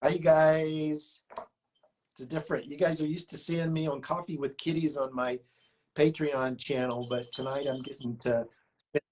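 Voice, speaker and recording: A man appearing as a guest artist on a live video call, relaxed and easygoing in casual chat. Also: on the high side, normal speed, a little hiss or hum. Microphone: webcam or computer mic on a video call.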